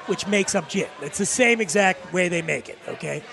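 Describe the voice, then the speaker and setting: High pitched guy on a podcast, all animated, keeps laughing while he explains stuff. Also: normal speed, vocal fry. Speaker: podcast co-host, spirits expert. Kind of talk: casual chat.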